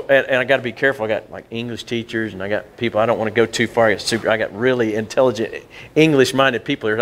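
A middle-aged pastor with a twang delivers a sermon in an easy, folksy way. His voice sits fairly high for a man and climbs further when he stresses a point. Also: a bit bright. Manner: folksy and conversational, rising for emphasis.

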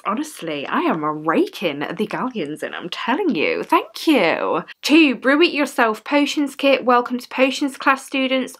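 A woman vlogging an unboxing, chatting warmly about each item and reading the product cards aloud. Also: fairly high pitch. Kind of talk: casual unboxing chat.

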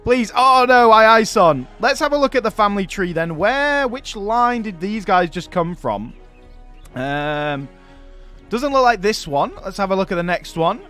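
Man, high-pitched, let's play commentary, chatty, faint background music. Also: unhurried. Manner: chatty, self-mocking, bursts into excited cheering. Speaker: game commentator.

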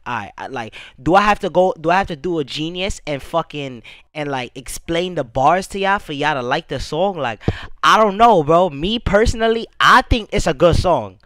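A man's voice: fairly high pitch, lively intonation, normal speed, a bit bright, no echo, poor audio. A young man reacting to his own music video, rambling in casual chat with lots of "bro" and "you feel me", swearing freely.

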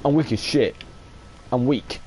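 A young man giving excitable, sweary live commentary while playing a shooter game. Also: mid-range voice, a little slow, slight background noise. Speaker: gaming streamer.

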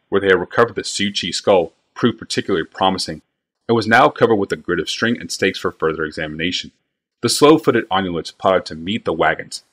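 A man's voice: low voice, a bit bright, slightly rough. A man reading a fantasy novel aloud on a live stream, narrating evenly and unhurriedly.

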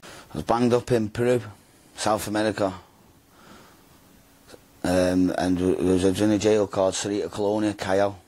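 A man telling his story in an interview, rapid and slangy, swearing and calling everyone mate and bro. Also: fairly low pitch, fairly even intonation, a little mellow.

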